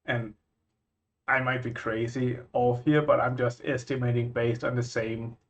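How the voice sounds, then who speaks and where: A man from Scandinavia, a vlogger reacting to places in casual chat, musing and thinking out loud with frequent restarts. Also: mid-range voice, little pitch movement, a little slow.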